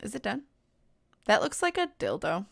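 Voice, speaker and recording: A woman's voice: medium pitch, wildly swooping pitch, normal speed, creaky, a bit bright, husky. A young woman streaming live, chatting casually with her viewers, laughing often, and reading out horror files. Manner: giggly, chatty, reacting to chat.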